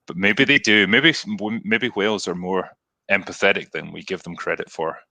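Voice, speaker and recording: Bright-toned Scottish man chatting casually. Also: low-pitched, fairly even intonation, normal speed, gravelly, no echo. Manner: laughs often, acts out quotes. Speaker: podcast host. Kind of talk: casual film discussion.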